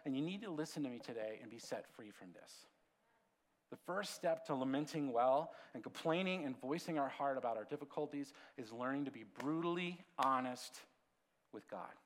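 A man preaching a sermon as pastor, conversational and animated, swinging from lively storytelling to quiet, hushed asides. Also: on the high side. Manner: conversational, animated storytelling with sudden drops to a hush.

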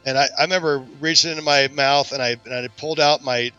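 A man's voice: medium pitch, quick pace, clear, resonant tone, highs cut off, soft background music. A man hosting a podcast, telling a long story in casual chat and acting out the voices of the people in it. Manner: animated, acts out quoted voices in his stories. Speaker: podcast host.

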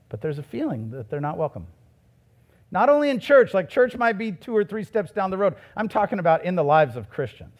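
A middle-aged male pastor preaching a sermon in a conversational way, with loud emphatic peaks and soft asides. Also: high voice, big pitch swings, fairly quick.

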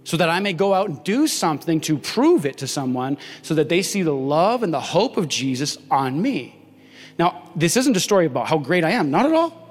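Preacher in a reverberant hall. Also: male voice, a little high, moderate pace. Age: young adult. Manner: animated, acts out dialogue in story. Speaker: pastor. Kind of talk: sermon with storytelling.

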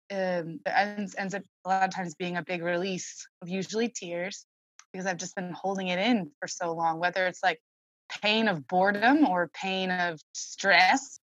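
A woman's voice: on the low side, a bit bright, no echo, dull audio. A young woman speaking candidly as a podcast guest, reflective and open, with many fillers.

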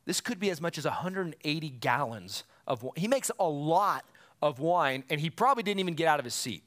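A man preaching a sermon, telling the story in an animated way and briefly acting out the people in it. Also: on the high side, a little fast. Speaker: pastor.

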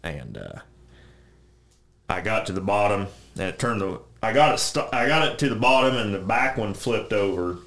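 A man's voice: on the low side, animated, moderate pace, fairly bright tone. A man who farms, telling rambling stories in casual chat, with some swearing. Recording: roomy echo.

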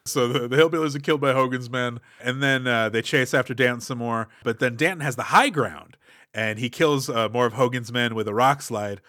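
A man co-hosting a podcast, retelling movie scenes in a sarcastic, animated way. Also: mid-range voice, a little fast, dry recording, clean studio sound. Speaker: podcast co-host. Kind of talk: casual comedic movie chat.

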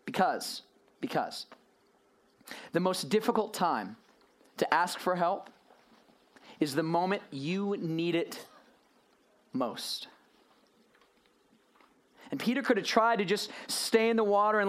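A male pastor preaching a sermon to a room of listeners, animated and full of rhetorical questions, moving between hushed and raised delivery. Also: sits high, slow, pauses often. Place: church or youth gathering room.

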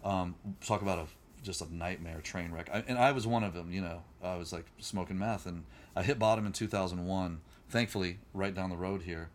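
A man's voice: low-pitched, slight background noise. A middle-aged man, a musician guest on a podcast, telling his recovery story candidly and acting out the voices of people he met. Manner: rapid, animated, acts out quoted voices.

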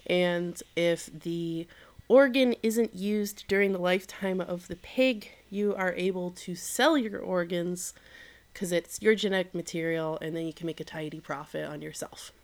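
A woman co-hosting a podcast, recapping a show episode in relaxed casual chat, swearing now and then and using plenty of fillers. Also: fairly low pitch, unhurried.

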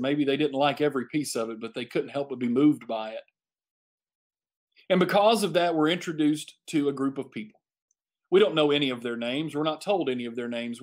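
A man preaching a Bible study sermon to a congregation, emphatic and given to repeating phrases for effect. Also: mid-range voice.

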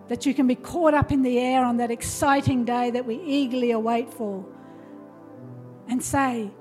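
High-voiced woman preaching. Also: steady tone, moderate pace, a little mellow, faint music behind. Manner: emphatic, urging, with repeated rhetorical questions. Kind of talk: sermon. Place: church.

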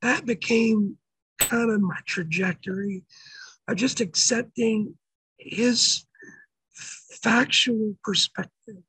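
A middle-aged pastor with a raspy, damaged voice, telling his life story earnestly in an interview, often halting and restarting. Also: high-pitched, fairly even intonation, bright, forceful tone, dry recording, rough recording. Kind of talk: testimony in an interview.

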